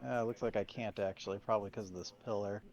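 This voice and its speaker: A man's voice: fairly low pitch, steady tone, fast, darkish tone, highs cut off. A man playing a tabletop game, talking casually and thinking aloud. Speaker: player.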